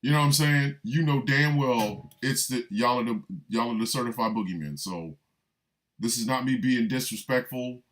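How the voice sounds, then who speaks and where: A man's voice: mid-range voice, moderate pace. A man delivering a comic monologue, riffing with repeated lines and mock-incredulous asides. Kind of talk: comedic monologue.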